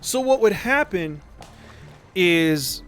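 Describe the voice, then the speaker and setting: A man's voice: high voice, expressive, takes it slowly, fairly bright tone. Chatty streamer man explaining music theory. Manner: rambling, repeats words, says "right?" often. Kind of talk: casual explaining while gaming.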